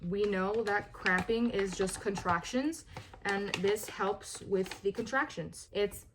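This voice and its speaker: Slow, earnest woman wellness vlogger. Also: medium pitch, noisy background. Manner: earnest, repeats pleas for emphasis. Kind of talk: casual talk to camera.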